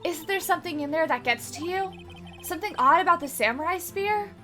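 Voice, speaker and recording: A woman's voice: very high-pitched, lively intonation, fairly quick, sharp tone, soft background music, pitched above the performer's own voice, exaggerated voice. A woman reading out the lines of a perky young female assistant in a coaxing way.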